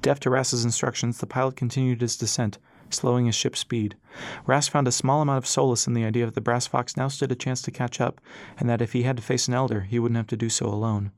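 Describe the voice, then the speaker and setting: Guy narrating an audiobook, steady, mid pitch, dry close sound. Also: quick pace, dry recording. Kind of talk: scripted narration.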